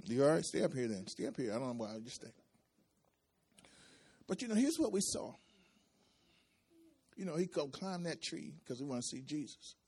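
Here a pastor with a slightly high, husky, dark-toned voice preaches at normal speed, with big pitch swings and long pauses. He repeats phrases and asks the congregation for responses, the intensity of his sermon rising and falling.

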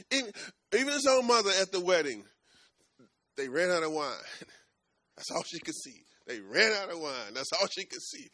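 Male preacher, bright lively delivery, dry close recording. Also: sits high, moderate pace, no room sound. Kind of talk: sermon.

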